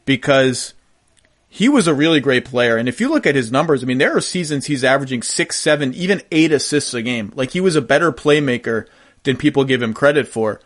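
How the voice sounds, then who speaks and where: A man's voice: mid-range voice, animated, brisk, fairly bright tone. A man hosting a podcast interview, asking eager, rambling questions. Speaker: podcast host. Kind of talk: casual interview.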